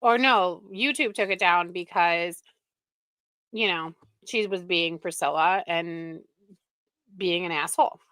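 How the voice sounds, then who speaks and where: A woman's voice: on the low side, takes it slowly, fairly bright tone, smooth, no room sound. A woman hosting a live stream, chatting casually and with exasperation, laughing often, close to the microphone. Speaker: livestream reaction host.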